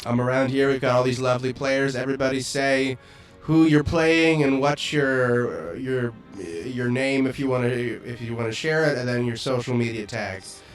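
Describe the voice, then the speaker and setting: A young man running a tabletop game as game master, relaxed and laughing often. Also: medium pitch, moderate pace, faint music behind.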